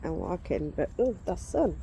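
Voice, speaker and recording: Out in the sunshine, a vlogger in her forties rambles through a casual chat about her reborn dolls, pausing to wave off bugs. She speaks at a normal speed in a lowish, gravelly yet mellow voice with big swings in pitch. There's slight noise in the background.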